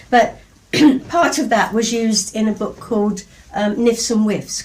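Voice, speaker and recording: An English woman in her seventies tells stories about her poems in a chatty, anecdotal way. Her reading voice is lively, and she tells each tale like an old memory. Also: medium pitch. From England. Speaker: poet. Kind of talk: storytelling and poetry reading.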